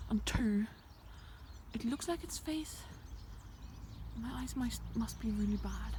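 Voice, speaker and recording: Walking along a rural hill, a young vlogger chats nervously to her camera, frequently lowering her voice to a whisper. She has a medium pitch, a steady tone, and a normal pace, captured in a noisy outdoor recording for a casual walking vlog.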